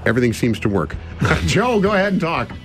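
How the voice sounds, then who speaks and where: A man's voice: on the high side, very animated, fairly quick, over music. A man in his sixties hosting a radio talk show in a casual, rambling and self-deprecating way, chuckling often. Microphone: studio microphone.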